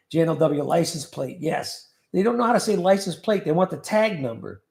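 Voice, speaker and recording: A man's voice: fairly high pitch, lively intonation, brisk, creaky, few pauses, darkish tone, reverberant. A man hosting a casual livestream, reading viewer comments aloud and joking about them. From California. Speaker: livestream host reading chat.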